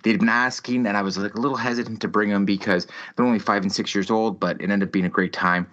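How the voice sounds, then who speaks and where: A man's voice: on the low side, fairly even intonation, quick pace, fairly bright tone. Swearing man ranting a story. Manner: heavy swearing, exaggerated ranting. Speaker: podcast host. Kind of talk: casual storytelling chat. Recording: slightly muffled lo-fi audio.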